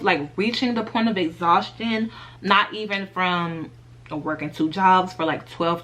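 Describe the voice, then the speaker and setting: A young woman vlogger giving a candid life update, chatting straight to her viewers as y'all and baby and laughing softly through a sad story. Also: medium pitch.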